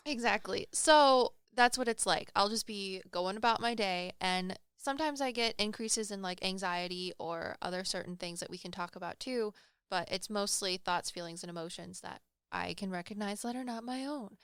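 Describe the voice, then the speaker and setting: A woman's voice: medium pitch, normal speed, a bit bright, clean tone, no room sound. A woman co-hosting a podcast, telling stories about being a medium in a rambling, self-deprecating, chatty way. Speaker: podcast co-host and psychic medium. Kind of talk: casual podcast storytelling. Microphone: studio microphone.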